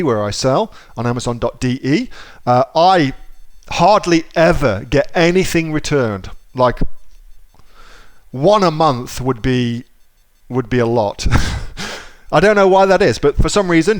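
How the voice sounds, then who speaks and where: A man's voice: a little high, lively intonation, unhurried. A man giving a casual screen-share tutorial about selling online, chatty, repeating himself and swearing offhandedly. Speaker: online seller teaching.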